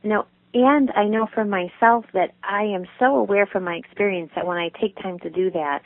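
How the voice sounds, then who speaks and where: A woman's voice: mid-range voice, brisk, dry recording. A woman guest talks reflectively and openly about her daily habits, laughing easily as she goes. She sounds close and dry, squeezed through a tinny phone line. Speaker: guest author. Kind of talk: casual interview chat.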